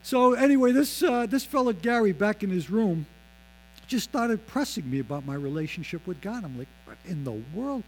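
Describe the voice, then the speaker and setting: Animated man telling his conversion story. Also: poor audio. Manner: animated, acts out quoted voices, drops low and slow on solemn lines. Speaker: speaker giving his testimony. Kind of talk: personal testimony storytelling.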